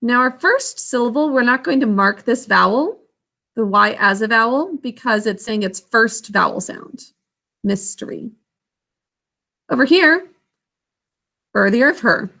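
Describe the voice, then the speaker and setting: A woman teaching a children's spelling lesson, sounding out words letter by letter and syllable by syllable in a slow, patient way. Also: a little high, lively intonation, vocal fry, pushed and bright. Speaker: literacy teacher.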